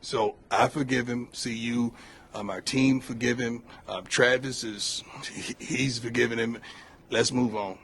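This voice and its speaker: Calm male coach, faint room ambience. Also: mid-range voice, a little hiss or hum. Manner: measured, halting, calm. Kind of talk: press conference remarks.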